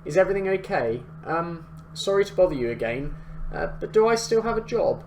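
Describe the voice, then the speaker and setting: A man's voice: high-pitched, animated, fairly quick, darkish tone, a little hiss or hum, pitched above the performer's own voice. A man voicing a nervous, apologetic young male shop worker, talking in a fretful rush. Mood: anxious. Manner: anxious, fretful.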